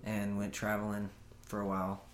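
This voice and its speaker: A man's voice: on the low side, completely flat delivery, normal speed, roomy sound, a little hiss or hum. A man from California chatting casually as a guest, hesitant with frequent restarts and easy laughs. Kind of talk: casual chat.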